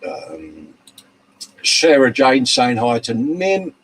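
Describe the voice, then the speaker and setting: A man's voice: medium pitch, big pitch swings, extremely slow, fairly bright tone, slightly rough, poor audio. A man hosting a casual live show, reading out viewer comments in a matey, chatty way. He is tired from lack of sleep. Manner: chatty and matey, calling viewers mate and love. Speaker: live-stream show host. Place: hobby workshop bench.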